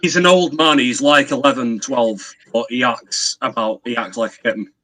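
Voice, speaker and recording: A man's voice: mid-range voice, fairly even intonation, moderate pace, pushed and bright. A man chatting on a video call as a guest on a live stream, eager and rambling. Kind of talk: casual chat on a video call.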